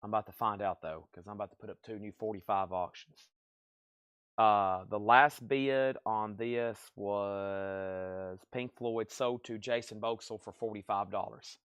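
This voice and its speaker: A man running a live-stream record sale, calling prices and bidders in brisk bursts with chatty asides. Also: lowish voice, fairly even intonation, a bit bright, smooth, no room sound, clean studio sound. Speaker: live auction seller.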